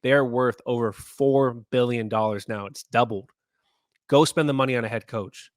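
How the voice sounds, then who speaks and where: A man's voice: mid-range voice, normal speed, dry recording, clean studio sound. A man from Southern California, co-hosting a sports podcast with passionate, ranting talk. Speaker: podcast co-host. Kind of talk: casual podcast chat.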